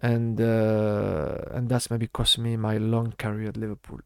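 A middle-aged man from France with a French accent, recalling his football career in halting English full of fillers during a casual interview. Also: fairly low pitch, steady tone, gravelly, clean tone, dry recording, studio quality. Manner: halting non-native English with many fillers. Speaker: former footballer guest.

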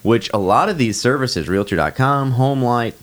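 A man's voice: medium pitch, expressive, moderate pace. A man co-hosting a podcast, explaining a sales point in casual chat and asking rhetorical questions. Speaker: podcast co-host.

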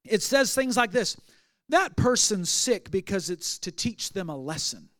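A man's voice: high-pitched, very animated, measured pace, a bit bright, no room sound, studio quality. A male pastor preaching a sermon, telling stories and acting out the people in them, then rising to emphatic declarations. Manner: storytelling, acting out quoted voices, rising to emphatic outbursts.

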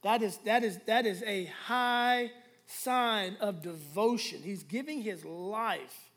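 A high-pitched male pastor gives a sermon full of call-and-response with the congregation. His slow phrases rise and fall between whispers and loud declarations.

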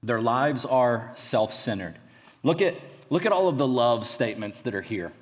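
A man's voice: mid-range voice, animated, normal speed. A man, a college pastor, giving a conversational sermon full of fillers and restarts. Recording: reverberant hall.

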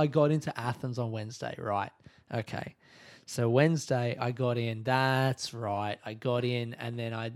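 A man's voice: medium pitch, darkish tone. A young Australian man, a comedian, chatting in a rambling travel diary, correcting himself, swearing freely and laughing at his own stories. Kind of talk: casual travel diary chat.

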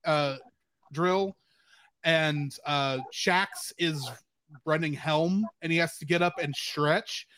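A man's voice: fairly high pitch, takes it slowly, a bit bright, a little hiss or hum. A man hosting a casual podcast chat, explaining references and recapping scenes. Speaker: podcast host.

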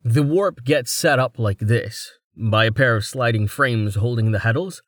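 A man playing a hurried young captain, blunt and businesslike, in a mid-pitched voice. The delivery is dry and close-miked, with no room around it. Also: dry recording, natural voice. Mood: explaining. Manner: brisk, casual, businesslike.

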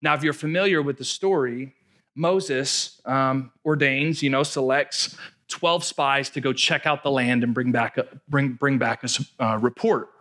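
A man preaching a sermon in an animated, playful way, often repeating words. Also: mid-range voice, measured pace. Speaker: pastor.

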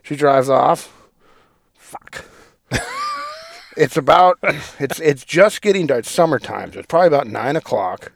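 Gravelly man telling stories. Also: on the high side, animated, brisk, a little hiss or hum. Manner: profane, rambling, laughs mid-story. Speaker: podcast co-host. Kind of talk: casual storytelling chat.

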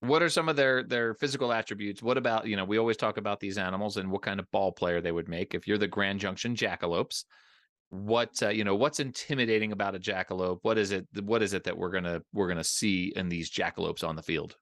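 A man's voice: fairly low pitch, quick pace, a bit bright, dry recording, clean studio sound. A man hosting a casual podcast interview, joking around and often repeating words as he talks. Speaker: podcast host.

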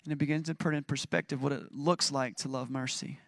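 A man's voice: mid-range voice, steady tone, fairly quick, creaky, a bit bright, no echo, clean studio sound. A man preaching a sermon as pastor, conversational and emphatic, acting out scripture with dramatic readings.

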